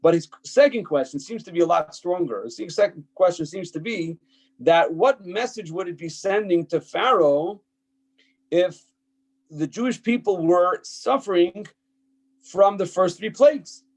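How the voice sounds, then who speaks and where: In a low-quality recording, a rabbi with a high, expressive voice teaches a Torah text class at an unhurried pace. He reads passages aloud, explains them emphatically amid fillers and restarts, and checks that listeners can hear him.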